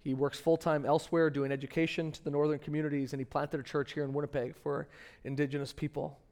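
A middle-aged man preaching a sermon as pastor, telling stories in a conversational way with lively rises in pitch and loudness. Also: fast. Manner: conversational storytelling, animated rises in pitch and volume.

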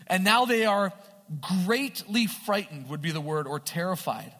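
A man preaching a sermon in an animated way, often checking with his listeners through questions. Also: high voice, moderate pace. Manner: animated, asks the audience questions. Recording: long hall reverb.

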